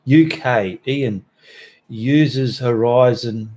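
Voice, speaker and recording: A man's voice: medium pitch, takes it slowly, darkish tone. A middle-aged Australian man with a mid-range voice, hosting a casual live stream. He greets viewers by name and jokes around in broad Aussie slang. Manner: chatty and joking, with Aussie slang. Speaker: host reading live chat.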